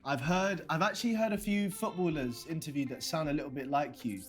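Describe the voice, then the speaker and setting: A man's voice: a little high, a little fast, soft background music, lightly acted. Actor playing a nervous London guy. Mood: awkward. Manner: nervous, stammering. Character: nervous young London man on a video date. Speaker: game protagonist. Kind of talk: game voice acting.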